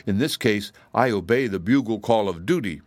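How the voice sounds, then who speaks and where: A dutiful tin emperor speaks formally and seriously in a low male register, as a male reader voices him. The reading is close and dry. It stays near the reader's own voice. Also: animated, moderate pace, dry recording, close to an everyday voice. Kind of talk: audiobook character reading.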